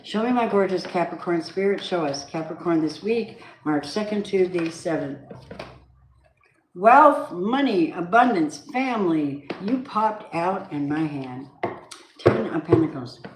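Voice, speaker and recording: A woman's voice: lowish voice, normal speed, background noise. A woman giving a weekly tarot reading, chatty and blunt, talking straight to the viewer. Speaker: tarot reader. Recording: roomy echoey room.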